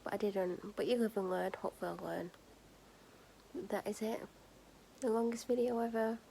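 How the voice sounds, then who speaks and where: Gravelly-voiced tired woman vlogger. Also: medium pitch, steady tone, moderate pace, a little hiss or hum, poor audio. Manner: candid, drifts into soft whispers and sighs. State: tired and drained. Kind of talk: casual personal storytelling to camera.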